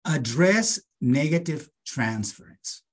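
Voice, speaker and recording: Husky-voiced man giving a lecture. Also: a little high, lively intonation. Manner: measured, deliberate lecturing with emphatic slowdowns. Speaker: psychiatry lecturer. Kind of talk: academic lecture with case vignettes.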